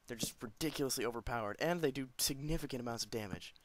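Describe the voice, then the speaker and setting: A man narrating his own game play in chatty commentary, jumpy and quick to yelp and laugh. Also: medium pitch, a little hiss or hum. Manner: chatty, jumpy, yelps and laughs when startled. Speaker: let's play gamer.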